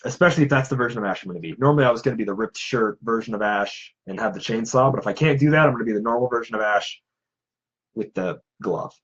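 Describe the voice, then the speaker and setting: A man's voice: medium pitch, quick pace, a bit bright, husky, highs cut off. A man who makes props and cosplays, chatting casually and in a self-deprecating way. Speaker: cosplayer and prop maker. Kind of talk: casual chat.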